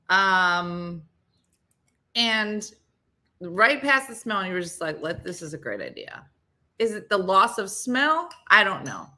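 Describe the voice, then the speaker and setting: A middle-aged woman hosts a loose morning chat, teasing her co-host and breaking into laughs. Her voice is bright and forceful, and her pitch swings widely as she talks. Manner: teasing, laughs often, animated.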